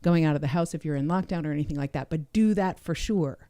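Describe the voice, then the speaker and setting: A woman co-host chatting casually on a podcast, telling stories in an animated, conversational way. Her voice is mellow, dark and somewhat low. The recording is close and dry. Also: quick pace, dry recording.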